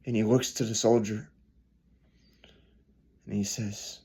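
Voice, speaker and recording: A man preaching a storytelling sermon, earnest, swelling louder then dropping soft. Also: lowish voice, little pitch movement, slow, pauses often, slightly rough.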